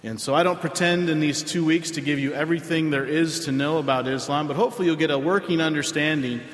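A man, a pastor giving a sermon in a conversational way with frequent filler pauses. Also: fairly high pitch, fairly even intonation. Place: church sanctuary. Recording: roomy hall with long reverb.

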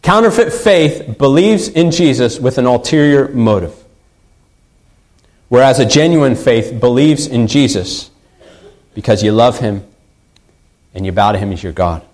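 A man's voice: mid-range voice, measured pace, long pauses, darkish tone, poor audio. A man preaching a sermon in an earnest way, repeating key phrases for emphasis. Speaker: pastor.

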